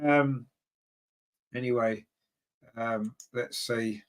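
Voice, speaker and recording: This fan commentator and channel host calls a football game live while reading comments from his viewers. He takes sides, complains about the team's choices, and gets sharply higher and louder when a chance comes. His tone stays steady and his speech is extremely slow.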